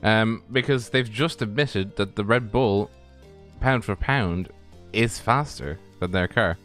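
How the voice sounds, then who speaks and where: A man co-commentating a sim race in casual chat, laid-back and teasing, with halting phrasing. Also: on the low side, a bit bright, faint music behind.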